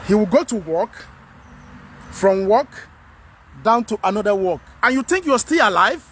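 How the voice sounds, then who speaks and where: A man's voice: sits high, big pitch swings, measured pace, fairly bright tone, a little hiss or hum. A man with a Nigerian English accent, giving a frank, earnest monologue to camera as a vlogger, often repeating himself to press a point.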